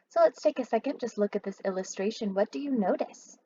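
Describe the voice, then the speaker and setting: A woman's voice: on the high side, expressive, fast, few pauses, dark tone, lo-fi sound, slight background noise. A woman teacher reading a children's book aloud expressively and asking her listeners questions.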